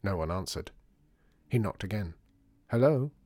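A man narrating a children's storybook in a measured, hushed manner. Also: lowish voice, breathy edge, no room sound.

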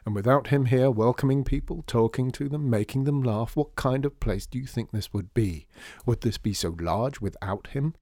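A man's voice: medium pitch, moderate pace, a little mellow, dry recording, clean studio sound, close to an everyday voice. A man voicing a genial, persuasive grown man in a storybook, talking earnestly with rhetorical questions.

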